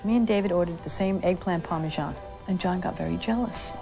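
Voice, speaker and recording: A woman recounting personal memories in an interview, acting out what others said to her with lively shifts in voice. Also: fairly low pitch, a little fast, vocal fry, music in the background. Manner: acts out quoted dialogue with lively shifts. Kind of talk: candid storytelling interview.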